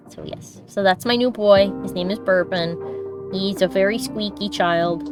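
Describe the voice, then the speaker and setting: A woman's voice: medium pitch, steady tone, normal speed, soft background music. A woman chatting casually and affectionately on her live stream while she draws, laughing often. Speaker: streamer and artist. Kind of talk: casual chat while drawing.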